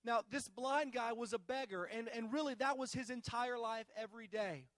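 A man's voice: very high-pitched, moderate pace, a bit bright, dry recording. A male pastor delivering a sermon, telling a Bible story with emphatic repetition.

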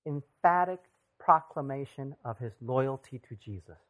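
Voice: medium pitch, measured pace. A preacher giving a sermon in a conversational way, often putting direct questions to the listeners. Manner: lively, asks the audience direct questions; conversational, acts out scripture voices.

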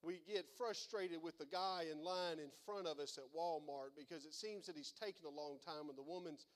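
A man's voice: on the high side, moderate pace. A man preaching a sermon in a folksy, rambling storytelling way, often repeating words.

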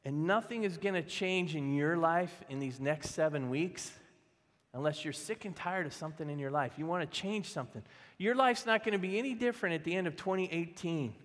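A man preaching a sermon, speaking emphatically and directly to his congregation, acting out the people in his stories. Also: fairly high pitch. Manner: acts out quoted voices in stories. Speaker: pastor. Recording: long reverb of a large hall.

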